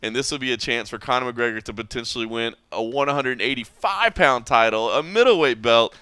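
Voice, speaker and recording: A man's voice: mid-range voice, animated, fairly quick, bright, forceful tone, smooth, dry recording. A man hosting a podcast, chatting casually and laughing as he wanders between points. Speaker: podcast host.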